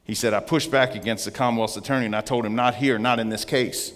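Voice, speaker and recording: A man giving an earnest testimony as a guest speaker in church, slowing down to stress his points. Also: medium pitch, steady tone. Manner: earnest storytelling, slowing for emphasis. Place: church sanctuary. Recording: long church reverb.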